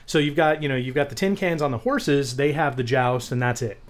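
A podcast co-host tells animated stories in casual chat, swearing freely. His voice is medium in pitch and fairly quick.

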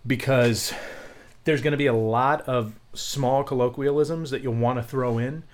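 A man's voice: medium pitch, fairly even intonation, unhurried. A man co-hosting a casual podcast chat about voice acting and accents, talking in a rambling, jokey way.

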